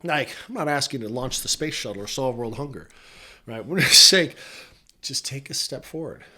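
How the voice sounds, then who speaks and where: A man's voice: mid-range voice, lively intonation, moderate pace, bright, forceful tone. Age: adult. Sex: man. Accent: none. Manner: earnest, reflective, laughs often. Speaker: podcast guest. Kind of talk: casual motivational podcast talk.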